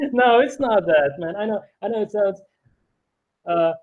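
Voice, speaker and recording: A man from Ukraine speaking English in a casual chat, halting with many restarts and fillers. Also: sits high, dull audio, a little hiss or hum. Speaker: programmer and YouTuber. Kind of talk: casual conversation.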